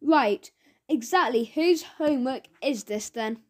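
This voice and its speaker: A woman voicing a firm, measured male schoolteacher. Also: high voice, animated. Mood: stern. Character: stern but fair male schoolteacher.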